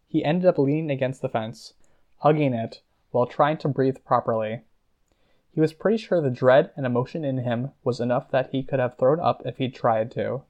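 This is scripted narration of a novel, voiced by a man working as an audiobook narrator. He speaks at a medium pitch with a steady, measured storytelling manner.

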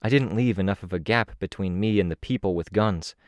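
A man's voice: deep voice, fairly quick, dry recording, clean studio sound, close to an everyday voice. A man voicing a wounded young woman hero who speaks in a subdued, strained way.

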